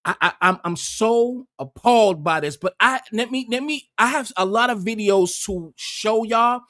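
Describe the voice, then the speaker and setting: High-voiced profane livestream commentator. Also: male voice, fairly bright tone, dry recording, clean studio sound. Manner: heated, profane, rambling with restarts.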